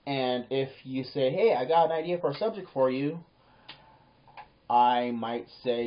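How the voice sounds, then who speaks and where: A man's voice: mid-range voice, normal speed. A man telling a personal story to camera in a casual, rambling way, often repeating words and acting out the back-and-forth of conversations. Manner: rambling, repeats words, acts out quoted exchanges. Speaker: vlogger. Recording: dull lo-fi home recording.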